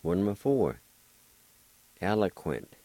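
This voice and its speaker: A man's voice: deep voice, sing-song, takes it slowly, warm tone, dry recording, rough recording. A man teaching a language lesson, spelling and pronouncing words syllable by syllable in a patient, encouraging way. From Oklahoma. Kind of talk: slow spelling and pronunciation lesson.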